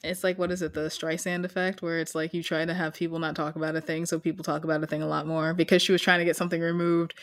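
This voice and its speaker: A young woman co-hosting a podcast, chatty and self-mocking, talking in quick bursts. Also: sits low, little pitch movement. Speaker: podcast co-host. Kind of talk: casual chat.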